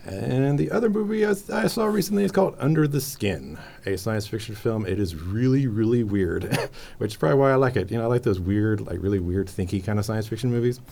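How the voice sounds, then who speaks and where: A man's voice: fairly low pitch, animated, fairly quick, gravelly, a little mellow. A man hosting a casual library podcast, chatting in a rambling, enthusiastic way full of fillers. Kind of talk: casual chat.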